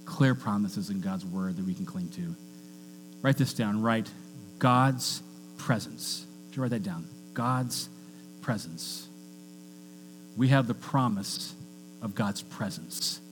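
This pastor's voice sits lowish, and he speaks slowly with long pauses. His sermon is conversational, mixing scripture readings with jokes, captured in a reverberant church with a faint hum from the mains.

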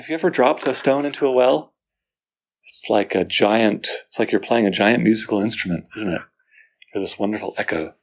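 A man leads a poetry class with enthusiasm. He keeps asking his students questions and reads lines of verse aloud slowly. His voice sits at a middling pitch. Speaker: poetry teacher. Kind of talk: classroom lecture.

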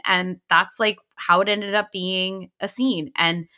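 A young woman chats enthusiastically about films as a podcast co-host. Her voice is bright and forward, full of quick "like" fillers and happy asides. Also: mid-range voice, steady tone. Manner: chatty, enthusiastic, many "like" fillers. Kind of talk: casual chat about films.

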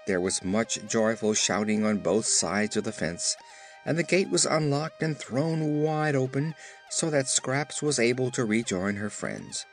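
A man narrating an audiobook with expressive storytelling. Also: mid-range voice, a little slow, soft background music. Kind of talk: scripted narration.

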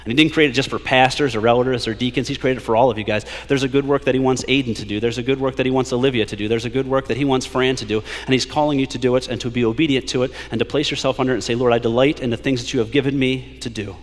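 A man preaching a sermon as a pastor, building to emphatic peaks and slowing down to read scripture aloud. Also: mid-range voice, fairly even intonation, big-room sound. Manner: preaching with rising emphasis, drawn-out scripture quotes. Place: church sanctuary.

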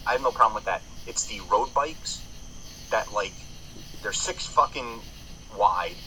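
A man talking casually on a podcast, with a very bright, sharp-edged tone and a pitch that swings up and down a lot. He rambles through stories, swears freely and restarts his sentences often. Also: expressive, a little slow, slight background noise, poor audio. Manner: profane, rambling storyteller with many restarts. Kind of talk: casual chat.

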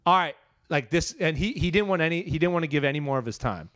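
A man's voice: on the high side, expressive, very fast, a bit bright, no room sound, clean studio sound. A man telling a long, rambling story in casual chat, swearing freely.

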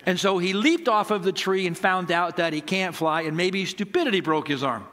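A man's voice: high voice, moderate pace, a bit bright, in a large hall. A middle-aged male pastor giving a conversational sermon, asking rhetorical questions and acting out dialogue from his stories.

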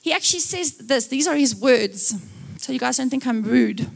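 A woman preaching a live church sermon, acting out Bible scenes in lively voices. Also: sits high, moderate pace, creaky, slightly rough.

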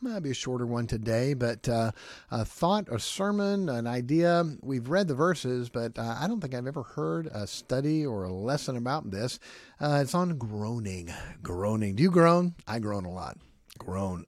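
A man hosting a podcast, giving an informal devotional talk in an animated, conversational way, often asking listeners questions. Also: medium pitch, moderate pace, no echo, studio quality. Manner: animated, mimics groans, chuckles often. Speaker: podcast host.

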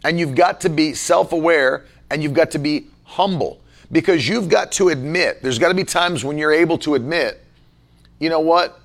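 A man leading a casual Bible-study chat as pastor, talking forcefully and emphatically. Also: on the high side, moderate pace, gravelly.

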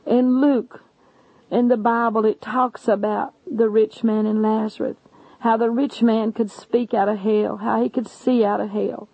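A woman's voice: fairly high pitch, flat delivery, a little slow, gravelly, mellow, no room sound. A woman preacher earnestly narrating a testimony sermon, addressing listeners as friends. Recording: dull lo-fi recording.

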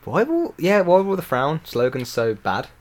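Male co-host, mid-pitched, deadpan one-liners, light hiss under the voice. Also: moderate pace. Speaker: podcast co-host. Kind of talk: casual comedic chat.

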